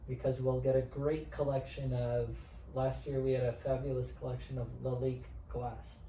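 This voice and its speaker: Talkative Texan auctioneer, echoey room. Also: male voice, medium pitch, little pitch movement, moderate pace, warm tone. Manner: talkative, rambling with restarts and asides. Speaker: auctioneer and antiques specialist. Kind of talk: casual interview chat. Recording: echoey room from far off with faint noise.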